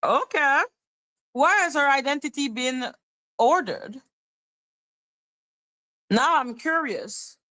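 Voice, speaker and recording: Bright-voiced woman reading court papers slowly. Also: high voice, animated. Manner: chatty, muttering while reading, bantering with chat. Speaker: livestream host. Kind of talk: casual livestream commentary, reading court documents aloud.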